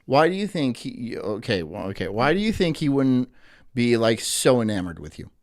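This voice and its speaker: A man's voice: medium pitch, sing-song, normal speed. A man hosting a live stream, giving crude, mocking reaction commentary and laughing at chat. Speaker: streamer host.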